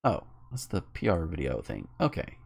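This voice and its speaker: A young adult man from the American South, giving animated live commentary while gaming, cursing and laughing at the game. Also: rumbling low, normal speed, gravelly, soft background music. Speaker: game streamer.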